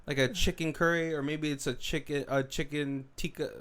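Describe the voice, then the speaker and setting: A man's voice: fairly high pitch, steady tone, brisk, fairly bright tone. A man co-hosting a movie commentary podcast, recapping scenes in casual chat and laughing often. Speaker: podcast co-host.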